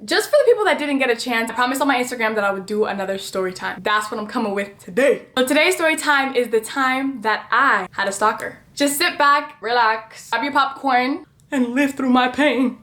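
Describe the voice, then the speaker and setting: A young woman telling a personal story to her channel in a chatty, animated, dramatic way. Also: fairly high pitch, brisk, hardly any pauses. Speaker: vlogger. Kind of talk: storytime vlog.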